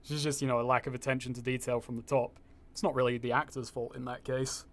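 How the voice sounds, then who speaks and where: A man's voice: medium pitch, little pitch movement, fast. A young man streaming a game, chatting casually with viewers, rambling, swearing freely and reading chat aloud, with a slightly posh-sounding voice. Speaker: gaming streamer.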